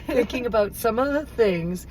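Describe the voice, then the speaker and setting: A woman's voice: on the high side, animated, moderate pace, darkish tone, rough recording. Woman, middle-aged, casual car chat, storytelling, laughs often, faint noise. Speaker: podcast co-host.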